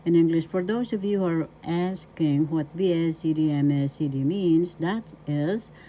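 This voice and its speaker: A woman's voice: low-pitched, normal speed, warm tone, a little hiss or hum, low-quality recording. A middle-aged woman from the Philippines, giving a spoken language lesson and repeating each word syllable by syllable. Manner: repeats words and spells them out syllable by syllable. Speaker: language teacher.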